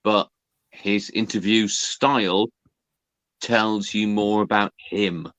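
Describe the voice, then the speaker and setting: A man from the North of England, a podcast guest, speaking in a measured, defensive way in casual chat. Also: fairly low pitch, steady tone, a bit bright, dry recording.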